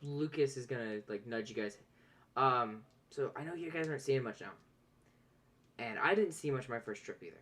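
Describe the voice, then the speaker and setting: A man's voice: mid-range voice, normal speed, fairly bright tone. A man playing in a tabletop role-play session who talks casually with a lot of fillers and restarts. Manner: rambling, with many fillers and restarts. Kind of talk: casual in-character play over voice chat.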